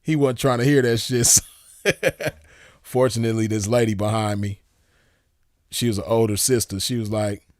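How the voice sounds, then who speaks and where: Laid-back low-voiced man telling stories. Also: steady tone, normal speed, pauses often, no room sound, studio quality. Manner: laid-back, rambling, laughs easily, slangy. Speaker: show host. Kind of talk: casual storytelling chat with viewers.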